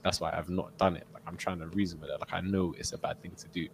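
A man's voice: low voice, fast, creaky, a little hiss or hum. A young man, telling a story in casual chat as a podcast co-host, acting out what people said and laughing often. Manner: animated storyteller, acts out quotes, laughs often.

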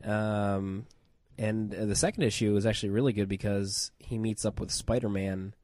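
A man with a head cold rambles through a casual podcast chat, piling on fillers and restarts as he gets excited. His tone is warm and dark, and the recording is close and dry. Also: on the low side, moderate pace, dry recording. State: has a cold, on cold medicine. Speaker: podcast co-host.

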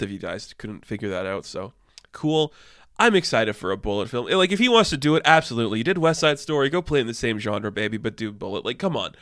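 A man hosting a casual movie news show, talking with excitable enthusiasm and frequent swearing. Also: mid-range voice, smooth, no room sound, clean studio sound. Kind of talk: casual entertainment news commentary.

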